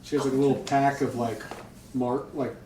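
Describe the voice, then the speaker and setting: A man narrating as game master, relaxed and rambling with fillers. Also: mid-range voice, normal speed, slight background noise. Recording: echoey room, mic far off.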